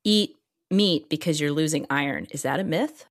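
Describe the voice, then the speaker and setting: A woman in her forties co-hosting a casual chat podcast, telling stories in an animated way with frequent laughter. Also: low voice, normal speed. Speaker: podcast co-host.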